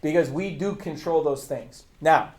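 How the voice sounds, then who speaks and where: A man's voice: fairly high pitch, unhurried, a little mellow. A man leading his agency team with a fervent, preacher-like message. He is blunt and confrontational, repeats his points for emphasis, asks rhetorical questions, and breaks into laughter.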